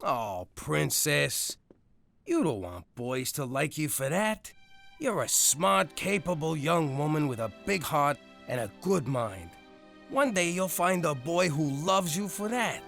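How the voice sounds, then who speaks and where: An actor voicing a blustery middle-aged former mob boss and father in an animated comedy, with a New York accent. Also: sits high, normal speed, soft background music, full character voice. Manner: blustering, gravelly, soft with his daughter.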